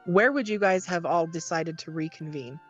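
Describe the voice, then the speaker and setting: A woman narrating as game master of a tabletop game, explaining calmly with frequent pauses and ums. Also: fairly low pitch, dull audio, faint music behind.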